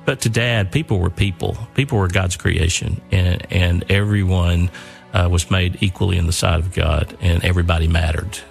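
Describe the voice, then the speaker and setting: A man's voice: sits low, steady tone, moderate pace, gravelly, soft background music. An older man earnestly telling a personal story, often repeating and restarting his words.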